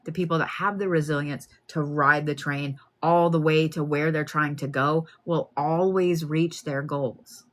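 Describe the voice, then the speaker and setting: A woman gives a live card reading. She talks plainly and casually, with animated asides, addressing the listener directly. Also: low-pitched, measured pace, few pauses. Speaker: card reader.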